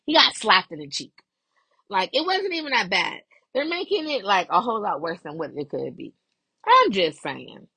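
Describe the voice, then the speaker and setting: Animated, cussing woman podcast host. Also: mid-range voice, normal speed, slightly rough, no room sound. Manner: animated, profane, laughing often. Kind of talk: casual gossip commentary.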